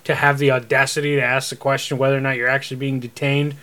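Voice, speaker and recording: A man's voice: mid-range voice, flat delivery, fast, pushed and bright. A man co-hosting a podcast in casual chat, teasing and sarcastic as he chimes in. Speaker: podcast co-host.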